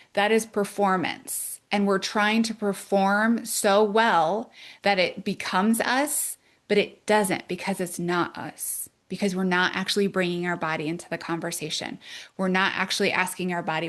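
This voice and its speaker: A woman in her thirties, a wellness coach hosting a podcast, talks earnestly in a coaching way and often checks in with "right?". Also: mid-range voice. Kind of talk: solo podcast teaching.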